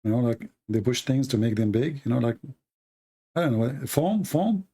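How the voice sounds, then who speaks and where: A man's voice: mid-range voice, animated, moderate pace, warm tone, breathy edge. A man hosting an online show, speaking in casual, mocking commentary. He rambles with restarts and grammar slips, laughing at his own jokes. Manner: rambling with frequent restarts and fillers; non-native English with grammar slips.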